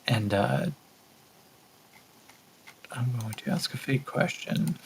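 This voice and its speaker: A man narrating a solo tabletop role-playing game as game master, thinking aloud with relaxed fillers. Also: medium pitch, slow pace, creaky, background noise.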